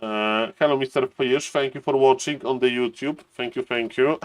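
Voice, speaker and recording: With a mid-range voice at normal speed, the streamer and caster chats loosely on his live stream, naming viewers as he greets them and thinking aloud until his match starts. There's no room sound.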